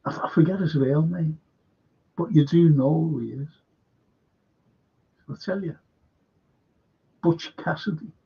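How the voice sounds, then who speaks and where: A man's voice: a little high, a little slow, gravelly, pauses often, slightly rough. A man hosting a live stream, rambling emphatically, repeating himself and firing questions at his viewers. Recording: dull lo-fi stream audio.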